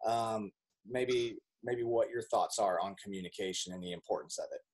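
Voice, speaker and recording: A man's voice: on the low side, moderate pace, slightly rough. Upbeat man leading a group call. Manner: upbeat, encouraging, frequent restarts. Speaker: team leader hosting a group call. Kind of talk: casual motivational chat.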